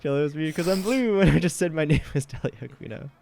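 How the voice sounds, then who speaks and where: A man's voice: on the high side, fast, creaky, a little mellow, pitched above the performer's own voice. A man voicing a brash, silly female monster from a video game, with goofy roars.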